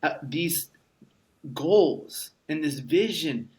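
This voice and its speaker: A man's voice: a little high, animated, extremely slow, a little mellow. Emphatic, swearing man in his thirties. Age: 30s. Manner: emphatic, profane storyteller. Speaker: podcast guest. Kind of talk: casual conversation.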